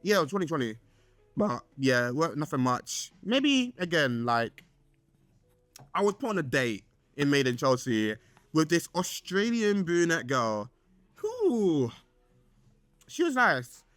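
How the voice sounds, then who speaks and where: A young man hosting a casual podcast, rambling and excitable with lots of fillers and restarts. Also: slow pace, long pauses, no room sound, faint music behind. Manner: excitable, with swoops up in pitch. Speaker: podcast host. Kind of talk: casual solo podcast chat.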